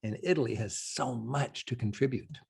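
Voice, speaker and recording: A man's voice: mid-range voice, normal speed, gravelly, loud music behind the voice. A man hosting a travel show, chatting to the camera in an enthusiastic, conversational way and repeating points for emphasis. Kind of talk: casual on-location talk to camera.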